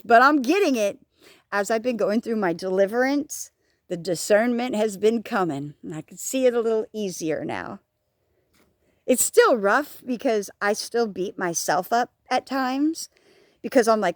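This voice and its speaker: Out on a walk, a woman talks casually to camera in an animated, medium-pitched voice at moderate pace, the sound clean and studio-like with no room sound. She rambles frankly, swears a lot, pokes fun at herself and says she is hard of hearing.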